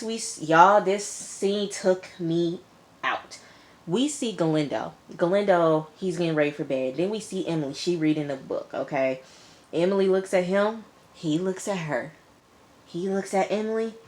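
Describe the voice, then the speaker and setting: Woman, lowish voice, chatty episode recapper, talks straight to viewers, acts out lines. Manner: chatty, addresses listeners as y'all and girl; animated, acts out characters' lines. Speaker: TV episode reviewer.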